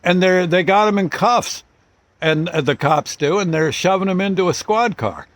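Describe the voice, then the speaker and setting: A man telling a long anecdote in a loose, halting way, with many restarts and small chuckles. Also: high-pitched, lively intonation, dry recording. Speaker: storyteller host. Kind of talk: casual storytelling.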